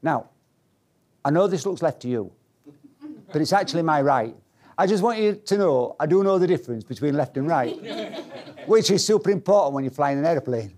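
A man's voice: on the high side, lively intonation, brisk, long pauses, darkish tone. A man giving a humorous motivational talk to a live audience, playful and self-mocking, teasing the crowd. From Yorkshire, England. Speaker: speaker.

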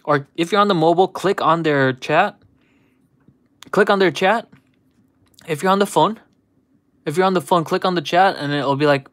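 A man's voice: a little high, animated, moderate pace, pauses often, a bit bright, no room sound. A man hosting a livestream, chatting casually and nostalgically with viewers, rambling and saying "dude" a lot. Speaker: livestream host. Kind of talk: casual chat with live viewers.

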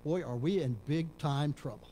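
A middle-aged man from Texas, a pastor preaching a sermon in a church, dropping to low murmurs and rising to loud emphatic peaks. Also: normal speed, slight background noise. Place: church sanctuary.

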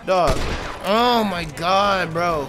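Excitable, swearing man gaming. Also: sits high, drawn-out words. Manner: swearing, calls everyone "dog", excitable. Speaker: gaming host. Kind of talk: let's play commentary. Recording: over loud game music.

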